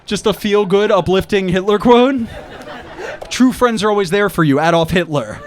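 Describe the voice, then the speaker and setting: A man's voice: high voice, moderate pace, a faint crowd. A young man doing a stand-up set on an outdoor rooftop, wry and self-deprecating. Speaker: stand-up comedian.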